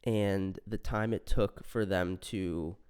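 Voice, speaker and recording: Very low-voiced man with a stuffy cold. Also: slow, clear, resonant tone. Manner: relaxed, conversational explaining. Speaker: podcast host. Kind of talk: solo science podcast talk.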